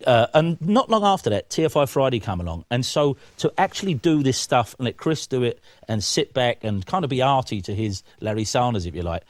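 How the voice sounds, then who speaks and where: A man telling stories in a studio interview, acting out the voices of people in them, lively and chatty. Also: medium pitch, brisk, hardly any pauses, no echo. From England. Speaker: interview guest. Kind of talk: animated anecdotal storytelling.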